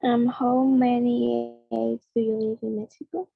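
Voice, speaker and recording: A man voicing an eager young female student who fires off quick answers in class. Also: very high voice, little pitch movement, creaky, breathy edge, dry recording, phone-quality sound, pitched above the performer's own voice, full character voice.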